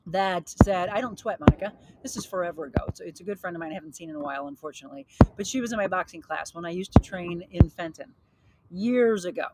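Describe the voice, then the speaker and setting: A woman fitness coach and host, slightly out of breath, energetically demonstrating a workout outdoors by a pool and encouraging viewers while reading their comments. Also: medium pitch. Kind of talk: live workout demo and motivational talk. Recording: loud background noise with clicks.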